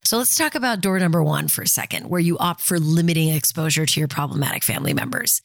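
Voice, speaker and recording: A woman's voice: low-pitched, quick pace, creaky, no room sound, studio quality. A woman in her fifties giving candid, conversational personal advice and talking straight to her listeners.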